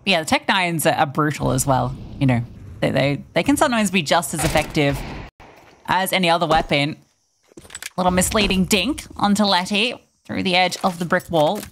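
A woman commentating an esports match, teasing her co-caster between lively play-by-play calls. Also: on the low side, normal speed, a little hiss or hum.

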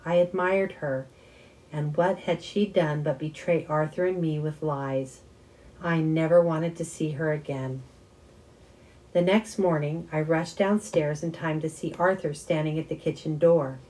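A woman reading a children's novel aloud with expressive first-person narration. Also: low voice, unhurried, poor audio. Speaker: audiobook reader. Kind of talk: storybook reading.

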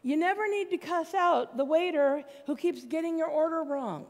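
A woman with a high voice preaches to her congregation. She talks in a conversational, plainspoken way, and her words ring out with a long reverb through the church hall. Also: moderate pace. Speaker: pastor. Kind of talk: sermon. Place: church sanctuary.

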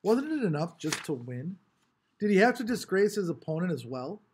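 A man reading a novel aloud with expressive, varied storytelling. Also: high voice, moderate pace, slight background noise. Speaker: audiobook reader.

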